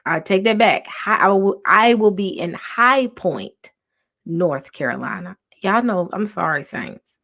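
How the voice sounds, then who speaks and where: A woman hosting a casual livestream from home, talking softly with many ums and restarts. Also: medium pitch, lively intonation, measured pace, vocal fry. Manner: soft, half-whispered talk with many ums and restarts. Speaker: livestream host.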